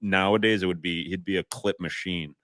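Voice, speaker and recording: Brief: laid-back ex-athlete, low voice, easy chatter. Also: male voice, a little fast, no room sound, studio quality. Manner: relaxed, rambling anecdotes. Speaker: guest, former hockey player. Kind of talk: casual podcast interview.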